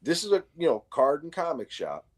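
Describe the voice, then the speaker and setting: A man's voice: on the high side, wildly swooping pitch, fairly quick. A man in casual chat, telling a story with slang and swearing. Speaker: livestream co-host.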